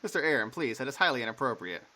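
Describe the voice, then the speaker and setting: A man's voice: mid-range voice, sing-song, racing, bright, forceful tone. A man voicing a prim, polite young maid with formal speech in a game.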